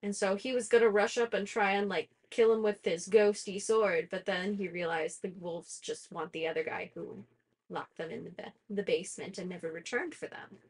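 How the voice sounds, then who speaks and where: A woman's voice: medium pitch, fairly even intonation, moderate pace, husky. A young woman hosting a book discussion, retelling a fantasy plot in a casual, chatty way full of "like" fillers and self-aware laughter. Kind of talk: casual plot summary chat.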